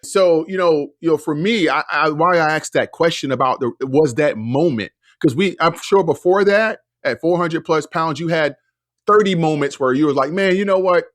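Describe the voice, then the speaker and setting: A man's voice: a little high, normal speed, no echo, studio quality. Reflective man in his forties hosting. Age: 40s. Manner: thoughtful, casual, sprinkles "man" and "like". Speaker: podcast host. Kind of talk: reflective conversational interviewing.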